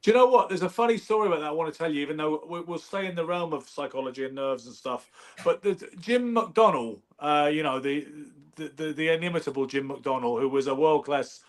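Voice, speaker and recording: Man, fast-talking, slightly high voice, casual anecdotal chat. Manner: animated, anecdotal, does brief impressions. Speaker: podcast host. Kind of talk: casual conversational storytelling.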